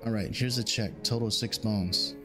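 Man, young adult, casual let's-play commentary, joking, low-pitched, soft music underneath. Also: fairly even intonation, normal speed. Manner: chatty, jokey, reads game dialogue aloud. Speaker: gaming YouTuber.

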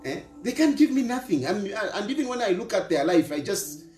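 A man's voice: high voice, very animated, brisk, a little mellow. A middle-aged man from Zambia with a Zambian accent, lecturing an opponent in a scolding monologue and repeating his points. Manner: lecturing, repeats phrases, mixes local words into English. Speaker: opposition politician. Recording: roomy echo with faint music.

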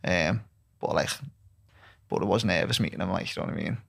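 A man with a Scouse accent chatting casually as a podcast guest, slangy, trailing off softly at times. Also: sits low, brisk, gravelly, breathy edge. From Liverpool, England. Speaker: guest footballer. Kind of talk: casual chat.

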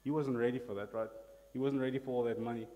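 A man's voice: mid-range voice, fairly even intonation, fast, dark tone, in a large hall. A man preaching a sermon as pastor, emphatic, asking the congregation to repeat words after him. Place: church hall.

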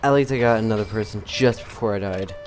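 A man giving casual, rambling commentary while playing a game, poking fun at himself and getting excitable. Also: lowish voice, quick pace. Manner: rambling, self-mocking, excitable. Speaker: gamer. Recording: noticeable background noise.

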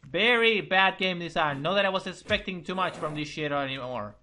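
A man's voice: high voice, a little fast, pushed and bright, a little hiss or hum. A young man commentating a let's play, frustrated, swearing, muttering and repeating himself at a hard boss. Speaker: gaming channel host.

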